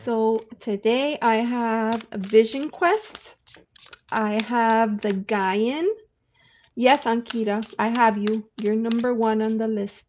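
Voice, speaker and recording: A woman with a fairly high, slightly mellow voice speaks slowly and steadily. She's a tarot reader hosting a casual livestream of card readings, chatting away and greeting viewers by name. The audio is dull and lo-fi, with a faint hiss.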